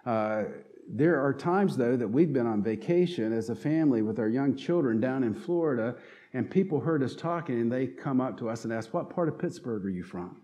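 A middle-aged lay preacher with a North Carolina Southern accent delivers a sermon in a mid-range, warm voice at a moderate pace. His manner is earnest and folksy, and he drops "uh" fillers often.

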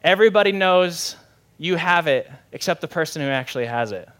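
A man's voice: on the high side, expressive, a little fast, fairly bright tone. A young adult man, a pastor preaching a sermon in a conversational, candid way with self-deprecating humor.

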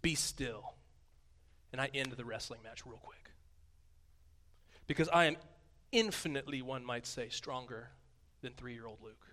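A man in his thirties giving a sermon, conversational and playful, swinging from a hushed voice to booming emphasis. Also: moderate pace. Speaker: pastor.

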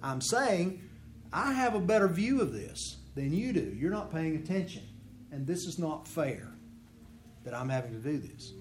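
A man's voice: fairly high pitch, very animated, normal speed, a little mellow. A man leading a Bible study class, teaching in an earnest, conversational way and voicing prayers in the first person. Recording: echoey room with faint background noise.

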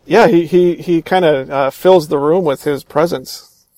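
Eager, fairly high-voiced man in a dry room. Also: measured pace, darkish tone, dry recording. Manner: enthusiastic retelling, acts out quoted lines; frequent restarts and fillers. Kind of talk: casual chat about a film.

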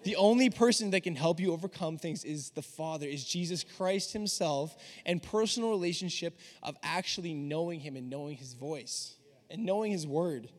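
Young male preacher, earnest and conversational, fairly high voice, big reverberant hall. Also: moderate pace, hardly any pauses. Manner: earnest, conversational, acts out quoted dialogue. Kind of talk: sermon. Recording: long reverb of a large hall.

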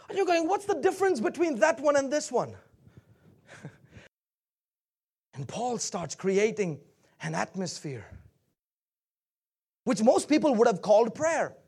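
High-voiced man preaching with shouted peaks. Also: big pitch swings, unhurried, long pauses, husky. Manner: preaching with loud shouted peaks and sudden quiet drops. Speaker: pastor. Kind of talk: sermon.

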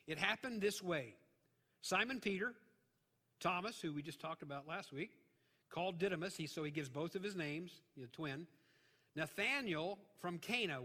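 A man preaching a conversational Bible-teaching sermon, animated and joking, acting out voices as he retells the passage. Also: a little high. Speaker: pastor. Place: church sanctuary. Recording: long reverb of a large hall.

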